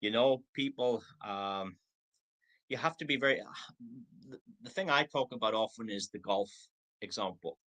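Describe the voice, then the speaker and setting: Bright-voiced man in his sixties coaching. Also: mid-range voice, measured pace, rough recording. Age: 60s. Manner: acts out prospects' replies in quoted voices. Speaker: network marketing trainer. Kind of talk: motivational training talk. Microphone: video call.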